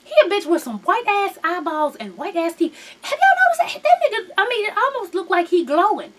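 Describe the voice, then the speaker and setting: A woman's voice: very high-pitched, sing-song, a little fast. A woman recapping a reality show in a casual, sassy, profane gossip style, acting out the people in her story.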